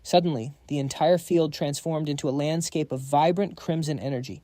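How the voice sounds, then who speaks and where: Mellow male recap narrator, dry close sound. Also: a little high, steady tone, brisk, no room sound. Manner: dramatic storytelling.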